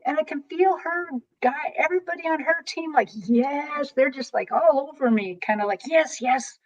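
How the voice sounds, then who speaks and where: A woman reader telling an animated story in casual chat, with quick exclamations. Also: sits high, muffled recording. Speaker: tarot reader guest.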